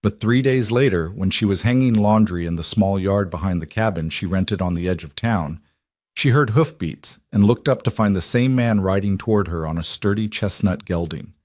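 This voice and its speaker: A man reading a western romance story in an even, unhurried storytelling voice. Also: low voice, dry recording, studio quality. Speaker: narrator. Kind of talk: scripted audiobook narration.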